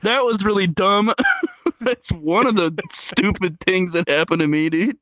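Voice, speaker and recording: A young man telling crude stories in casual chat, laughing often and yelling out the lines he quotes. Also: high-pitched, a little slow, dry recording. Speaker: comedian guest. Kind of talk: casual storytelling.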